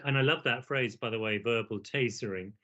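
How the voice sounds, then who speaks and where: Measured man, muffled call audio. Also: mid-range voice, sharp tone. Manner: measured, asks leading questions like "don't we?". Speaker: therapist host. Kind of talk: gentle therapeutic conversation.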